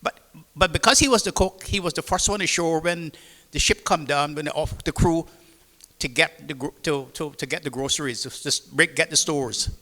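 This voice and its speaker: An older man from the Cayman Islands with a Caymanian accent, telling lively seafaring anecdotes to an audience at a public talk. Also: fairly high pitch, normal speed, in a large hall. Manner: lively anecdotal storytelling with acted-out dialogue. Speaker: retired seafarer on a panel. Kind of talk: storytelling to an audience.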